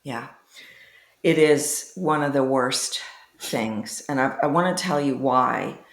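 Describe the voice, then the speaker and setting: A woman voice coach speaking emphatically in a podcast conversation, with big swoops in pitch on key words. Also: slow, echoey room. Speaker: voice coach guest.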